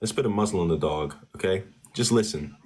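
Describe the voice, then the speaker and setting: A man hosting a live-stream debate speaks in a low, husky voice. He talks down to a caller, mocking him and repeating himself. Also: fairly quick, a little mellow. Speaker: TikTok live debate host.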